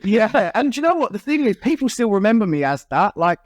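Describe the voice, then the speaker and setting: A man, a guest on a podcast, talking casually, frank and animated. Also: sits high, fairly quick, dry recording, clean studio sound. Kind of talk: casual chat.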